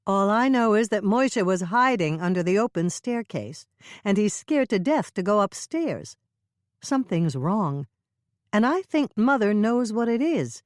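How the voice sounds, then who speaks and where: A woman reading the lines of a determined, forceful amateur sleuth in an audiobook. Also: medium pitch, sing-song, measured pace, dry recording, studio quality, voice pushed up. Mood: insistent. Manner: forceful and urgent. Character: determined woman baker, sharp-tongued sleuth.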